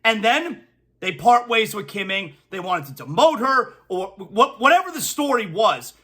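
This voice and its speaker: A man's voice: high-pitched, big pitch swings, normal speed, pushed and bright. A man hosting a sports talk show, ranting emphatically and repeating his punchlines for effect. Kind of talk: opinionated sports talk monologue.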